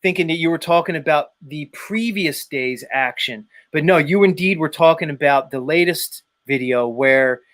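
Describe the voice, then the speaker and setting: A man hosting a live stream, talking casually in an animated, rambling way with frequent swearing. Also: a little high, moderate pace, few pauses. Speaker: host.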